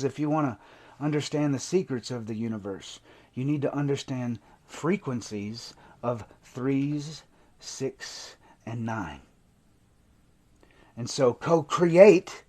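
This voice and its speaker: Recovery coach, male, high-pitched, fervent and emotional, hushed then intense, live stream monologue. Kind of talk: impassioned livestream monologue.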